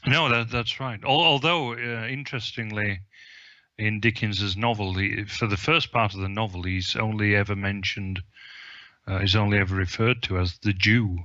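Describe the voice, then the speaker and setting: Male podcast co-host, casual film chat, hesitant delivery, bright dry sound. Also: fairly low pitch, fairly even intonation, moderate pace, dry recording, lo-fi sound. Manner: hesitant, many ums and restarts. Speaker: publisher.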